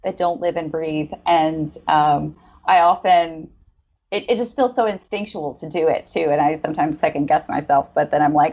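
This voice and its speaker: Woman, co-host, low voice, enthusiastic casual chat. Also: normal speed, darkish tone, highs cut off. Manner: enthusiastic, rambling.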